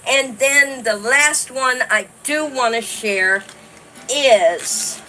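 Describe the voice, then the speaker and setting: A woman chats slowly and warmly with her viewers on a casual livestream. Her voice is bright and sits a little high. A faint noise hum runs under it. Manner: chatty, warm, reads viewer comments aloud. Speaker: livestream host.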